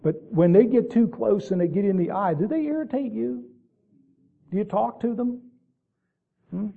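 A man giving a slow, folksy sermon with deliberate, emphatic repetition. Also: high-pitched, creaky. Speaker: preacher. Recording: tinny, phone-like lo-fi recording.

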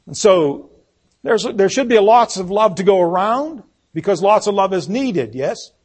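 Male preacher, sermon delivery, husky tone, pitched a bit high. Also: very animated, slow, long pauses. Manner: reads scripture aloud, repeats key words for emphasis.

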